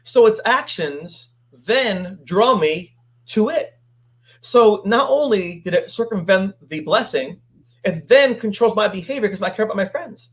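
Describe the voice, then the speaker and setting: High-voiced, animated male storyteller. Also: a little slow. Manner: animated, acts out quoted voices. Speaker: guest. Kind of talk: storytelling interview.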